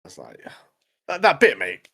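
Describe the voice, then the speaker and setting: A man co-hosting a casual anime podcast, retelling scenes in an animated, chatty way. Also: on the high side, measured pace, breathy edge. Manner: chatty, says "mate" constantly, animated retelling. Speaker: podcast co-host. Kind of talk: casual anime review chat.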